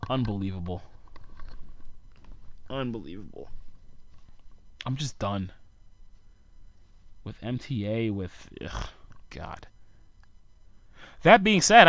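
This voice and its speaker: A man's voice: mid-range voice, a bit bright, clear, resonant tone, dry recording. A tired young man, hosting a solo podcast and ranting sarcastically in a rambling way. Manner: sarcastic, rambling rant with frequent asides. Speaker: podcast host.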